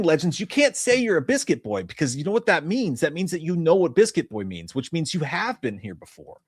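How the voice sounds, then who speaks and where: A man's voice: medium pitch, sing-song, brisk, husky, no echo, studio quality. A man in his thirties co-hosting a casual live-stream chat show, rambling through stories and swearing freely. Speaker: podcast co-host.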